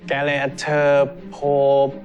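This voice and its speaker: An actor playing a young man who stumbles through a French lesson, halting and hesitant. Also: medium pitch, completely flat delivery, faint music behind, lightly acted. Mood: struggling. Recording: dull clip from a TV series.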